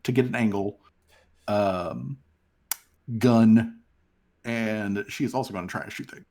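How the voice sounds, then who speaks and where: A man's voice: on the low side, takes it slowly, darkish tone. A man narrating as game master of a tabletop game, laid-back and full of fillers.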